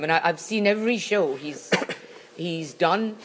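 Low-voiced woman who keeps coughing. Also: faint music behind. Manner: halting, full of restarts and fillers, animated when indignant. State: recurring cough. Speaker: podcast co-host. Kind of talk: casual chat.

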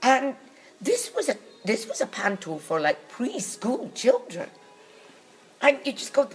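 In a poorly recorded interview, a woman with a slightly high voice and huge pitch swings talks at a measured pace. As a guest recalling her acting past, she tells wry, bawdy anecdotes and slips into comic voices for the people in them.

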